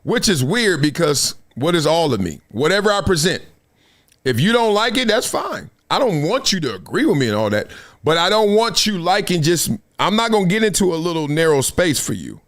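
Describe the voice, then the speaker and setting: A middle-aged man hosting a live stream, his voice pitched high and swinging widely as he tells stories. He talks with a loose edge, acts out what other people said, and laughs and curses freely. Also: brisk. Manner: animated storytelling, acts out quotes, laughs often, swears. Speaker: host. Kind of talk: animated casual live-stream talk.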